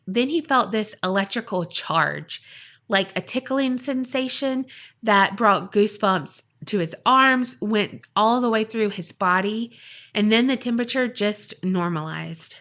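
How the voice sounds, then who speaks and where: A woman's voice: fairly high pitch, fairly bright tone. A woman cohosting a podcast tells a paranormal story in a chatty, dramatic way, with lots of casual fillers. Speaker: podcast co-host.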